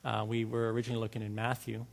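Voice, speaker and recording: A man's voice: lowish voice, completely flat delivery, racing, creaky. A man preaching a sermon in a church, talking to the congregation in a conversational way and asking them many questions. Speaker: lay preacher. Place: church sanctuary. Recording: hall reverb from a church.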